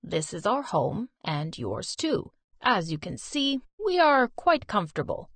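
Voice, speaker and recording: A woman doing a slow, coaxing older father. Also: mid-range voice, very animated, breathy edge, no room sound. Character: laughing rich older man posing as father.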